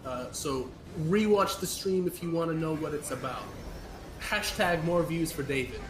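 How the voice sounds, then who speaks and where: A man's voice: a little high, normal speed, crowd noise. A man on a game stream reading out donations and joking crudely with his friends. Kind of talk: casual gameplay chat. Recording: roomy echo.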